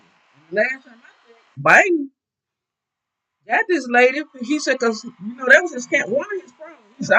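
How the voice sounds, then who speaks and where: A man's voice: very high voice, very animated, moderate pace, sharp tone. A man, a minister, talking in a preachy, emphatic way in casual discussion, repeating his points. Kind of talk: casual talk show discussion. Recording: dull lo-fi recording.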